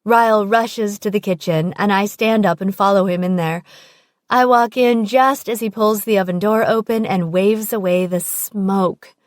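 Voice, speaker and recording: Woman reading a first person audiobook, intimate, middle pitch, dry close mic. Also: measured pace, no room sound. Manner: intimate, present-tense storytelling. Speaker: audiobook narrator. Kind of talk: scripted first-person narration.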